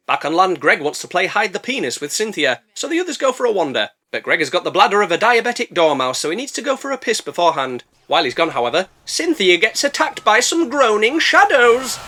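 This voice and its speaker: A man narrates a bad-movie review with sarcasm and plenty of swearing. His voice is high for a man and bright, and it swings lively up and down as he jokes. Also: brisk, hardly any pauses. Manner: sarcastic, profane, jokey. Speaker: film reviewer.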